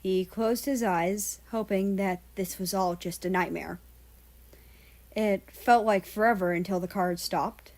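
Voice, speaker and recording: A woman narrating a fan-fiction story aloud in a steady, even storytelling delivery. Her voice sits at a middling pitch for a woman, and she reads at a measured pace. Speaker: fan-fiction audiobook reader. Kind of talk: scripted narration.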